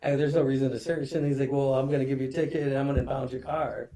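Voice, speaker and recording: A man's voice: medium pitch, fairly even intonation, racing, noisy background. A man in his forties, a guest telling a long story in casual chat, rambling with constant swearing and "dude".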